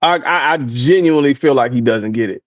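A man in casual podcast chat, telling an animated story full of impressions and laughter. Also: medium pitch, a little fast, no room sound, lo-fi sound. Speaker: podcast co-host.

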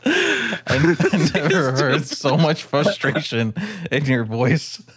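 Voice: medium pitch, big pitch swings, slow pace, fairly bright tone, husky. A co-host teasing and cracking jokes in casual podcast chat. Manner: teasing, wisecracking.

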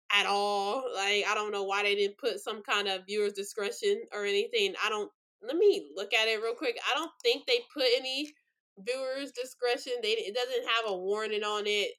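A woman's voice: medium pitch, pushed and bright. A young woman hosting a true-crime podcast, rambling with many fillers and choked up, near tears. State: tearful. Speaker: podcast host.

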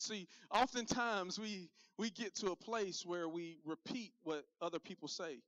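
A man's voice: high voice, moderate pace, hardly any pauses, a bit bright, no echo, lo-fi sound. A man giving a direct, punchy youth sermon as pastor, talking straight to his crowd.

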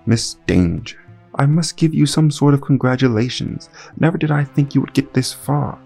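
A man's voice: mid-range voice, animated, moderate pace, vocal fry, darkish tone, faint music behind, pitched above the performer's own voice. A man reading a smug, condescending male crime boss who gives cold orders with a sadistic edge. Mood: menacing. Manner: sadistic chuckling, cold commands.

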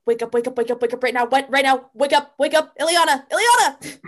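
A woman's voice: fairly high pitch, fairly quick, natural voice. A woman voicing a desperate, devoted rescuer who speaks frantically and urgently, repeating words. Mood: frantic.

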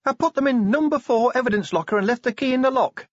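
A male narrator voicing a nervous, cheerful young female dwarf constable in an audiobook, speaking eagerly and quickly. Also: very high voice, no room sound, lo-fi sound, voice pushed up. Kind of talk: audiobook character voice.

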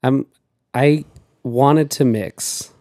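A man's voice: mid-range voice, fairly even intonation, extremely slow, mellow, no room sound, clean studio sound. A man chatting as a podcast guest, telling a story in a rambling, hesitant way. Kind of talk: casual chat.

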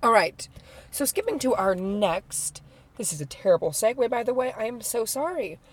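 A young woman co-hosting a casual podcast, giggly and self-deprecating, chatting in an animated way. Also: a little high, moderate pace. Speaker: podcast co-host. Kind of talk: casual chat.

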